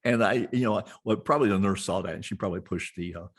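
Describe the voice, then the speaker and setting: Husky rambling middle-aged man. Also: low voice, quick pace. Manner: rambling, many restarts and fillers. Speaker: podcast host, guest being interviewed. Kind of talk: casual storytelling conversation.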